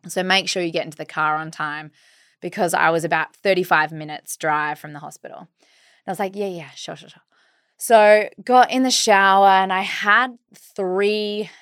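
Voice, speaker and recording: A woman in her thirties with an Australian accent, co-hosting a podcast and telling a personal story in a casual, animated way. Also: lowish voice, moderate pace, dry recording, studio quality. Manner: animated, acts out her own quoted words. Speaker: podcast co-host.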